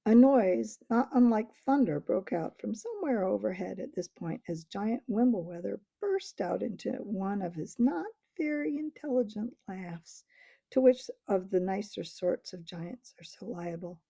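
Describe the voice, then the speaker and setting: A woman reads a children's story aloud with expressive delivery. Her voice is mellow and dark, with a gravelly, slightly husky texture. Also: medium pitch, a little slow, no room sound. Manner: expressive, varied voices for characters. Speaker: audiobook reader.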